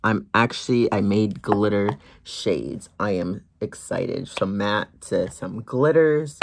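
A gloss-brand owner talks slowly through a product showcase from a corner at home. The voice has a gravelly, fry-laden edge and a mid pitch, with frequent ums and easy asides. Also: a little mellow.

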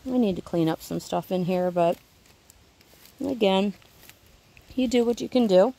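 A homesteading vlogger films herself on a handheld camera while giving a casual, rambling tour of her outdoor vegetable garden. Her voice is medium-pitched, a little slow, creaky and mellow. She's chatty and keeps correcting herself as she goes.

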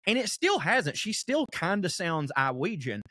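A young man, co-hosting a podcast in casual, animated chat, telling stories and swearing freely. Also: high voice, moderate pace, dry recording, clean studio sound. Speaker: podcast co-host.

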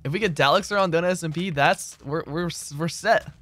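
A man's voice: on the high side, a little fast, a bit bright. A man streaming a game, chatting casually in a loose, slangy, rambling way as he answers his chat. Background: keyboard clicks and typing.

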